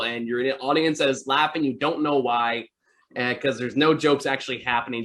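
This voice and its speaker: A man's voice: medium pitch, a bit bright. A man hosting a casual talk show, telling long rambling stories about movies with many fillers. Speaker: podcast host. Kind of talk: casual chat.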